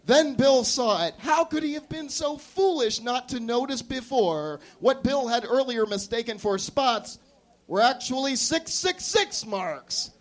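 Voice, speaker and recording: High-voiced man reading a comic story. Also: a little slow. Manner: deadpan absurd storytelling. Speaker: performance artist. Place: café.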